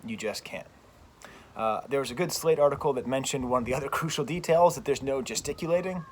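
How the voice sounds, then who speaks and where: American man, French professor, casual rant, animated and emphatic, repeats himself, middle pitch, recorded outdoors, faint background noise. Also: a little fast. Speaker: French professor, channel host.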